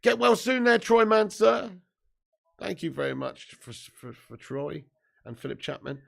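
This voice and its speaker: A man in his thirties with a heavily gravelly, rough-edged morning voice sits just out of bed and hosts a live football stream from home. His pitch sits a bit higher than most men's. He chats loosely, swears freely and jokes his way through viewer comments. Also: sing-song, unhurried, a bit bright. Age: 30s. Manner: chatty and jokey, sweary, reads out viewer comments. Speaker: host of a live football watch-along stream. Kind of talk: casual live-stream chat and match commentary.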